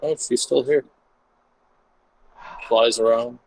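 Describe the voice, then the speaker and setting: A man's voice: mid-range voice, fairly even intonation, slow pace, darkish tone, a little hiss or hum, low-quality recording. A man playing a tabletop game, giving blunt, short replies in character. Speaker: player.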